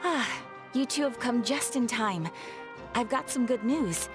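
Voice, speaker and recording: Brief: courteous guild receptionist woman, a bit high, hissy crispy voice, voiced by a woman, light game music behind. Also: unhurried, close to an everyday voice. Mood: polite. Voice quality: crispy, hissing sound. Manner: polite, businesslike briefing. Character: polite female guild receptionist.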